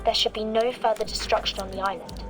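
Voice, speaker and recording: A woman voicing a calm field reporter. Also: mid-range voice, fast talker, over music, close to an everyday voice.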